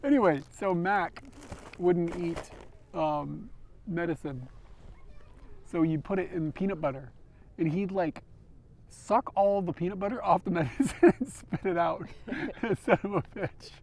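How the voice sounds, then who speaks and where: A man's voice: high voice, a little slow, a little mellow. A man hosting a livestream, chatting casually outdoors on a clip-on mic and laughing through rambling stories. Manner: laughs often, rambling anecdotes. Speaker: livestream host. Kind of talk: casual chat. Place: outdoors, riding scooters. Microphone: wireless clip-on microphone.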